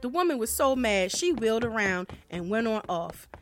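A woman's voice: a little high, normal speed, faint music behind. Woman telling a folksy folktale. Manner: folksy, expressive reading. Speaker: host and storyteller. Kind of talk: folktale storytelling.

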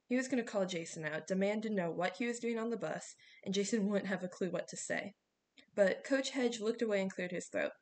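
A woman reading a novel aloud in steady scripted narration. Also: mid-range voice, a little fast. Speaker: audiobook reader.

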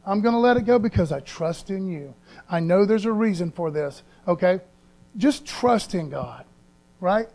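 A man's voice: sits high, expressive, normal speed, gravelly, a little mellow. A man preaching a sermon as pastor in a casual, earnest way, using slang and repeating phrases for emphasis.

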